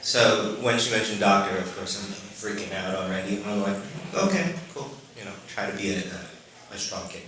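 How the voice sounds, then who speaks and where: A man in his late thirties from the Philippines, telling a personal story live on stage, halting and full of "you know" fillers. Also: lowish voice, level tone, bright, forceful tone. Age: late 30s. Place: stage before a live audience. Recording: very echoey room with audience.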